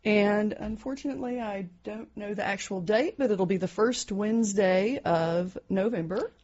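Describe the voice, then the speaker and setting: A middle-aged woman hosting a community radio interview, encouraging her guest with short affirmations and gentle follow-ups. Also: mid-range voice, normal speed. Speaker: host. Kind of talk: casual radio interview chat. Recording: dull lo-fi radio recording.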